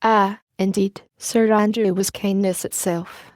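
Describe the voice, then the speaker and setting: A woman narrator voicing an elderly, dignified French countess who speaks low and musically with a foreign accent. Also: fairly even intonation, a little slow, dry recording, clean studio sound, close to an everyday voice. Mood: grateful.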